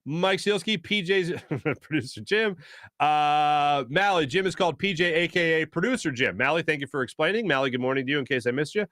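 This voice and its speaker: This sports talk host speaks briskly in a fairly bright voice on the high side. On his casual live stream he chats, cracks jokes, hums filler tunes, does celebrity impressions and reads out viewer comments, recorded dry with clean studio sound.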